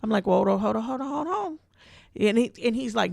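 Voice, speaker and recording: A woman's voice: a little high, quick pace, gravelly, no echo, clean studio sound. A woman co-hosting a podcast, telling a story in casual, colloquial speech and acting out the voices of the people in it. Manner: animated storyteller who acts out quoted voices. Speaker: podcast co-host.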